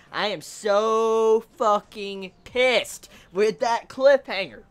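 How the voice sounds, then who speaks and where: Woman reviewer, slightly high voice, exasperated rant, stammers and swears freely. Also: slow pace, hardly any pauses, smooth. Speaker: anime reviewer. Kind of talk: casual ranting review.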